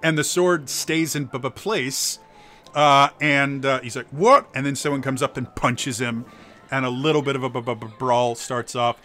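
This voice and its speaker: A man narrating as game master, with halting, stuttering narration. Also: medium pitch, fairly even intonation, pushed and bright, soft background music.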